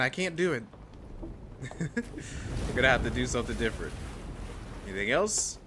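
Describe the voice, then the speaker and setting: A man streaming a horror game, chatting casually with his viewers and reacting with quick laughs. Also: medium pitch, lively intonation, noisy background. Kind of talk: casual gameplay commentary.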